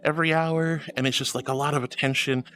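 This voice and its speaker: A woman's voice: low-pitched, fairly even intonation, fast, fairly bright tone, soft background music. A woman streamer chatting casually with her viewers, bubbly, giggly and openly emotional as she greets them.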